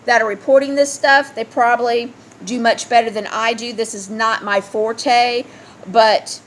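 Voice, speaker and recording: Angry, ranting high-voiced woman. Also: steady tone, unhurried, slight background noise. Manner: heated, ranting, asks listeners rhetorical questions. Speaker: commentator. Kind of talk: angry solo commentary video, reading news aloud.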